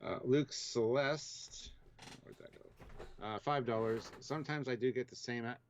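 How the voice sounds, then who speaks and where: A man's voice: medium pitch, unhurried, a little hiss or hum. A man co-hosting a live stream, reading viewer names and comments aloud in a plain, matter-of-fact way. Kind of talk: casual live-stream discussion. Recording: dull lo-fi mic.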